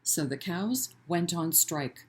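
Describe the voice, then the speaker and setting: A woman leading a children's library storytime, reading a picture book aloud in an animated way and inviting the children to chant along. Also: fairly low pitch, slow. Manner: gentle and encouraging with children.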